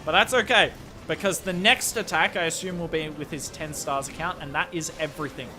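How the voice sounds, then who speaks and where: Australian guy, young, high bright voice, excitable live game caster chatting to viewers. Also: brisk, soft background music. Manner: excitable play-by-play, chatty asides to chat. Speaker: live-stream game commentator.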